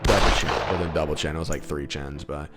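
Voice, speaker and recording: A man's voice: rumbling low, steady tone, brisk, loud music behind the voice. A man telling a comedic story about his own life in a crude, profane, sardonic manner.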